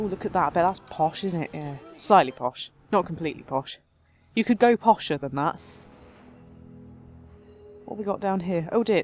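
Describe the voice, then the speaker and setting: A woman hosting a let's play, chatting through her game in a self-mocking way, her voice jumping between high and low. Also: darkish tone. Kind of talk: casual gameplay commentary. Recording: faint game music behind.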